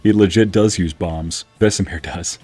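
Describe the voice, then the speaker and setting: A man's voice: low-pitched, steady tone, moderate pace, mellow, husky, soft background music. A man streaming a video game, chatting easily as casual game commentary. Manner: chatty and easygoing.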